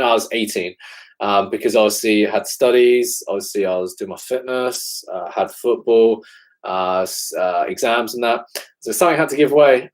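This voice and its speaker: Answering questions on a live stream, this fitness coach is an English man in his twenties who keeps things laid-back and leans on fillers like "man" and "obviously." He has a lowish voice, and the recording sounds poor.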